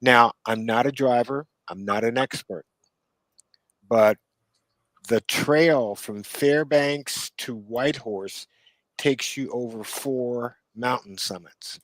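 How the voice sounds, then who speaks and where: A man co-hosts a relaxed podcast conversation, spinning unhurried stories full of asides and little chuckles. His voice sits in a middle register, and the sound is close and dry with no room echo. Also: mid-range voice. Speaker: co-host. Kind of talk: casual podcast chat.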